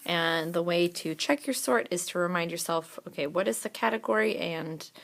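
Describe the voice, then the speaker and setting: A woman teacher walks through a recorded spelling lesson, sounding out each word slowly and carefully. Her voice sits low and has a gravelly edge. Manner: slow, deliberate word-by-word demonstration.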